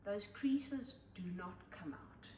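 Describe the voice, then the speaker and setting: Older woman co-host, measured and advice-giving, mic set back in an echoey room with faint hiss. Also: medium pitch, expressive, dark tone. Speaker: podcast co-host. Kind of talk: casual chat. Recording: roomy, distant mic, faint noise.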